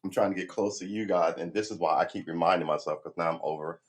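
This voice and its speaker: Man, middle-aged, a bit low-pitched, casual livestream chat, rambling and profane, self-deprecating, at home on a sofa, close desk mic. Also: quick pace. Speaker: guitar vlogger livestreaming practice. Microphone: desk microphone close by.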